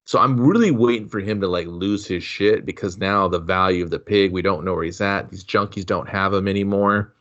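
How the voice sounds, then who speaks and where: A man's voice: sits low, fairly quick, hardly any pauses, a bit bright. A man co-hosting a casual movie review podcast, laying out plot points with quoted dialogue. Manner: laid-back plot recaps with quoted dialogue. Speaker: podcast co-host. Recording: dull, lo-fi sound.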